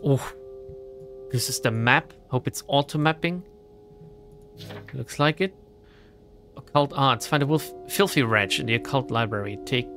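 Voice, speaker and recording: Man, let's play commentator, animated pitch, gravelly edge, faint hiss. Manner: reads game text aloud, chatty, swearing. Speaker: gaming streamer.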